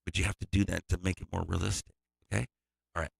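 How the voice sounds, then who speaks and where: A man's voice: low voice, flat delivery, fast talker, gravelly, breathy edge, dry recording. A man, a music producer, giving a loose, digressive tutorial walkthrough.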